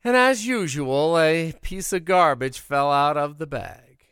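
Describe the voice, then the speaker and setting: A man telling a folksy childhood tale in an animated, expressive way. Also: a little high, unhurried, smooth, no room sound, studio quality. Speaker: storyteller. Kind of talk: oral storytelling of a childhood tale.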